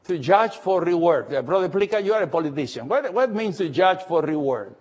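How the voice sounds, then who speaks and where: A man preaching a Bible study, lively and emphatic, full of fillers and questions to his listeners. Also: high voice, a little fast, muffled recording. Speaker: pastor. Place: church, recorded for radio.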